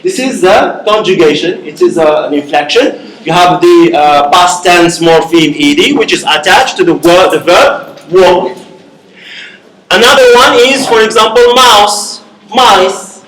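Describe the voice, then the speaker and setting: Speaking a little slowly in a high, fairly bright voice, a man teaches a university linguistics class step by step. He checks in often with "okay?" and "right?" while the classroom echoes around him.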